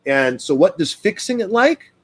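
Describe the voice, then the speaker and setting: A man hosting a casual live stream as a dog trainer, talking to viewers in an animated, fired-up way with plenty of fillers. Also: high-pitched, moderate pace, husky.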